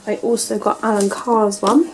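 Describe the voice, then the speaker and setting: A young British woman vlogging an unboxing and book haul, gushing and excitable, sometimes dropping to a breathy whisper of delight. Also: medium pitch, normal speed, a little hiss or hum, low-quality recording.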